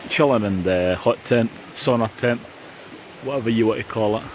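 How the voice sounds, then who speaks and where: A man's voice: on the low side, moderate pace, slight background noise. A middle-aged Scottish man chatting casually on a camping vlog inside a hot tent, jokey with playful outbursts. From Scotland. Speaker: vlogger.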